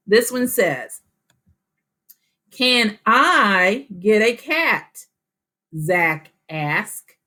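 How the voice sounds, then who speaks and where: Female teacher, slow patient delivery for young readers, encouraging tone, mid pitch. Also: a bit bright. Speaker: elementary school teacher. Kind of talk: reading lesson for young children.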